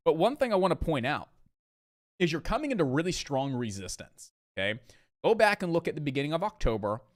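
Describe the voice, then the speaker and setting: A man hosting a live day-trading stream, explaining the market to his viewers in an emphatic way, repeating points for stress and calling them "guys". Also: fairly high pitch.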